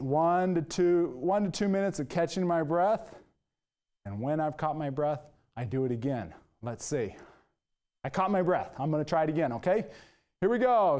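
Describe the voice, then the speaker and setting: Counting out each move as he exercises, a man who works as a nurse teaches a workout with upbeat energy, getting slightly winded at times. He has a slightly high, somewhat mellow voice.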